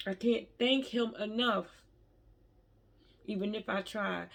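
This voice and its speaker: Woman vlogger, heartfelt and halting, gravelly husky voice. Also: medium pitch, fairly even intonation. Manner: emotional, heartfelt, stammering restarts. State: tearful at times. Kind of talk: personal faith vlog.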